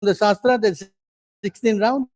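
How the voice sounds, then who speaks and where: A man with a high-sitting voice teaches a scripture class as a preacher, his intonation fairly even and his pace a little slow, with a slightly mellow tone on a dry recording. A native English speaker, he is insistent, hammering his points home, constantly questioning his listeners and demanding they pay attention.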